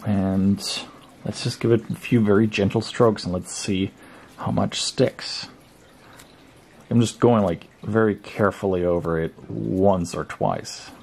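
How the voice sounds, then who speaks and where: A man with a fairly low voice talks through a hobby crafting tutorial at his desk at home. His delivery is relaxed and chatty, and he fills pauses with frequent ums and uhs. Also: creaky, husky. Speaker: crafting vlogger. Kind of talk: casual hobby tutorial narration.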